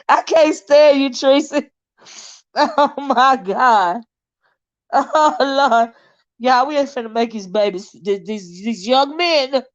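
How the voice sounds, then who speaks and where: A woman's voice: high voice, very slow, no room sound, dull audio. A woman hosting a casual live stream, laughing often, teasing her chat and getting sidetracked as she reads comments. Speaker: livestream host.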